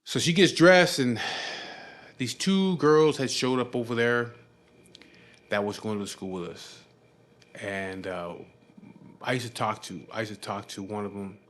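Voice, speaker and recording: A man's voice: fairly low pitch, measured pace, pauses often, fairly bright tone. A man with a Chicano English accent telling a rambling, profane story from his past in casual speech, full of fillers and restarts.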